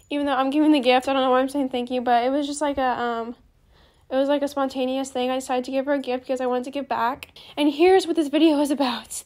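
A teenage girl giving a casual, rambling voice-over for her gaming channel, earnestly repeating her thanks. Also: sits high. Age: teens. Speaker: gaming YouTuber.

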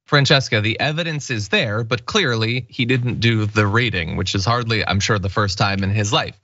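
A man's voice: lowish voice, moderate pace, pushed and bright, no room sound, lo-fi sound. A man hosting a political commentary show, sarcastic and emphatic. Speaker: news commentary host.

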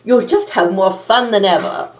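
A woman voicing a friendly, wise male red squirrel in a storybook, gently scolding and reassuring. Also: medium pitch, moderate pace, slight background noise, pitched below the performer's own voice, close to an everyday voice. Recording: roomy, from a distance.

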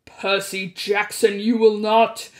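A woman voicing a menacing male god of the underworld for a storybook read-aloud, drawing out each threat slowly. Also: medium pitch, level tone, natural voice. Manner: slow, drawn-out threats.

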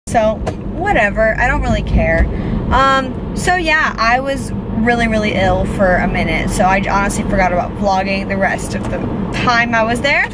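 A sleep-deprived young woman vlogging casually to the camera from her car, rambling in a tired, drawn-out way. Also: mid-range voice, lively intonation, heavy background noise. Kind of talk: casual vlog chat to camera. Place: inside a car.

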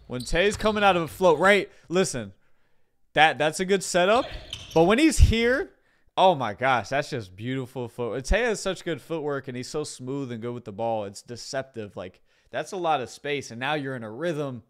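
A man giving casual, excited play-by-play commentary on a basketball game, full of slang. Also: medium pitch, moderate pace. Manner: excited, chatty, loose slang.

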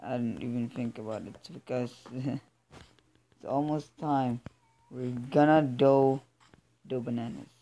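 A let's play gamer giving casual commentary, excitable and often stammering or blurting out sudden exclamations. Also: mid-range voice, slow, pauses often.

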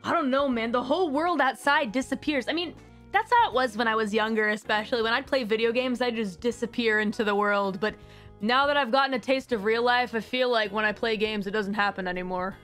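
A young woman hosting a casual chat stream, rambling in an animated way and slipping into playful put-on voices. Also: a little high, brisk, faint music behind. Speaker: streamer host.

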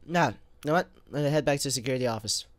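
An excitable young man doing let's play commentary, his bright, lively voice swinging up and down as he talks to viewers and grumbles at the game. He keeps breaking into sneezes and coughs, and the sound is close and dry. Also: on the high side, fast, no echo. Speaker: gamer.

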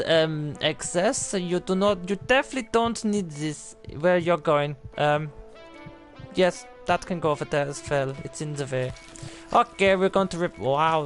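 A man giving playful, rambling commentary on a live game stream, talking like a clumsy surgeon and often restarting his sentences. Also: on the high side.

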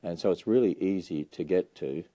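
Enthusiastic Australian man with a very deep voice. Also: moderate pace, warm tone, slight background noise. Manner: enthusiastic, chatty, lots of uh fillers. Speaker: ministry leader giving a livestream tour. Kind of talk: casual livestream chat. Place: bookstore indoors.

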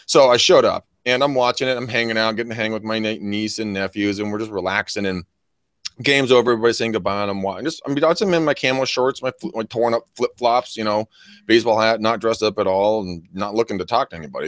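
A man's voice: lowish voice, fast, fairly bright tone, dry recording, studio quality. Rambling, swearing male podcast co-host. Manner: rambling storyteller, swears freely, laughs a lot. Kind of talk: casual chat.

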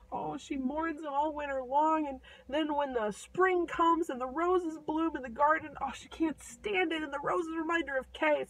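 A woman casually retelling a fairy tale with playful asides and quick voices for the characters. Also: high-pitched, low-quality recording. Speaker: storyteller.

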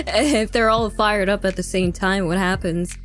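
Giggly woman streamer, slow-spoken. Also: mid-range voice, faint music behind. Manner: giggly, playful banter. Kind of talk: casual chat.

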